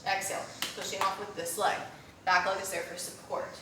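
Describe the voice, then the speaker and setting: A woman's voice: mid-range voice, little pitch movement, a little fast, noisy background. A young woman teaching a postpartum workout, cueing breaths and reps while a little out of breath and often checking in with "okay?". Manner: coaching, cues breathing and reps, frequent "okay?". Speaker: postpartum fitness instructor. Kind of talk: live workout instruction. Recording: very echoey room, mic at a distance.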